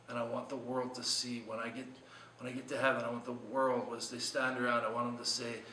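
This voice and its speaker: A man's voice: medium pitch, a bit bright, roomy sound, distant mic, a little hiss or hum, rough recording. A man preaching a short devotional sermon in an earnest, conversational way, asking his listeners many questions. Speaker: pastor.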